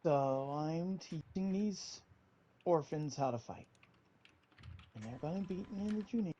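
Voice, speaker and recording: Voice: medium pitch, expressive, measured pace, dark tone, dull audio. A game master narrating a tabletop game, switching between narration and character lines.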